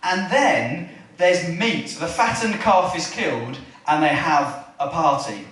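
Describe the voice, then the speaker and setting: High-voiced preacher in an echoey hall. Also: male voice, takes it slowly, far from the mic. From England. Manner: chatty, asks the room questions, animated retelling. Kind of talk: family church sermon. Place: church hall.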